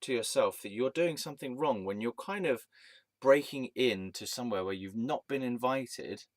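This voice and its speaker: A man with a mid-range voice rants angrily through a personal story at normal speed, cursing and starting sentences over as he rambles. This casual monologue has no echo.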